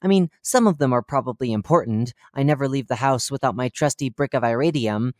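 In a horror fiction reading, the narrator plays a cheerful, oblivious male radio host rattling off chatty broadcast patter laced with deadpan dark jokes. The voice is ordinary middle pitch, a little fast, lightly acted and chipper. It's recorded close and dry with no echo or room sound.

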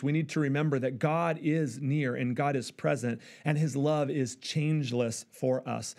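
Man preaching, middle-aged, storytelling sermon, a bit high-pitched. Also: a little mellow. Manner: storytelling, acts out voices in quotes. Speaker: pastor.

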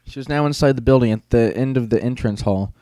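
Male audiobook narrator, mid-pitched, casual and wry, dry close-mic studio read. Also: fast, dark tone, no echo. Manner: casual, wry teenage-boy storytelling. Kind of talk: first-person audiobook narration.

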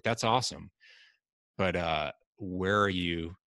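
A man's voice: low voice, measured pace, dry recording, studio quality. A middle-aged man telling personal stories in an earnest, reflective way as a podcast guest, now and then acting out what others said. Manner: earnest, reflective, quotes others in lively asides. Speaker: podcast guest, life coach. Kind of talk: candid conversational storytelling.

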